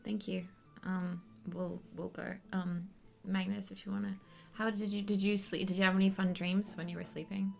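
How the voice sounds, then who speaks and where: A woman's voice: mid-range voice, little pitch movement, moderate pace, vocal fry, darkish tone, faint music behind, lightly acted. A woman voicing a nervous, earnest young female student who rambles and restarts her sentences in a tabletop role-play. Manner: rambling, self-conscious, many restarts.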